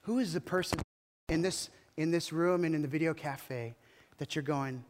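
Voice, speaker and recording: A man's voice: fairly high pitch, normal speed, in a large hall. A male pastor preaching a sermon in a church, telling the story emphatically with dramatic rises and falls. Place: church hall.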